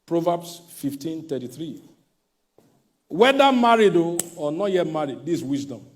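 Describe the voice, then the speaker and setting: High, lively-voiced male pastor preaching. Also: moderate pace. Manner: emphatic preaching, swinging between shouts and hushed asides. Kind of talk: sermon.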